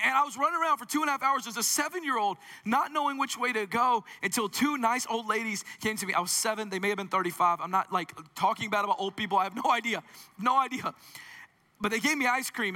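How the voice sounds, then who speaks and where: Forceful high-voiced male preacher. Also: quick pace. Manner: animated, humorous, conversational storytelling. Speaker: pastor. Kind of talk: sermon. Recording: long reverb in a large hall.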